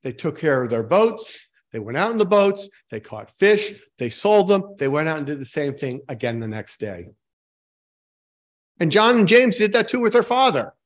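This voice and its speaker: A man preaching a sermon in a relaxed, conversational way, asking his congregation questions and poking fun at himself. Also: fairly high pitch, normal speed. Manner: informal, asks the congregation questions, self-mocking jokes. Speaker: pastor.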